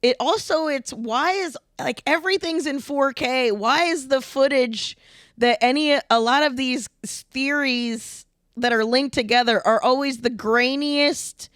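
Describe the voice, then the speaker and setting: A woman's voice: high-pitched, measured pace, a bit bright, no echo, clean studio sound. A woman co-hosting a podcast, blunt and profane in casual chat. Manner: blunt, profane, laughs often. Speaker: podcast co-host.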